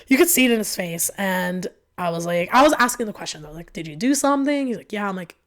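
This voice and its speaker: A young woman, a podcast guest, telling a personal story with lots of fillers and quoted back-and-forth, emotional and animated. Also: lowish voice, fast talker. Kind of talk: candid storytelling.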